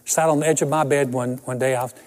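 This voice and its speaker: A man's voice: medium pitch, fairly even intonation, quick pace, darkish tone, in a large hall. A man in his sixties preaching a sermon and telling personal stories with self-deprecating humor. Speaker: pastor.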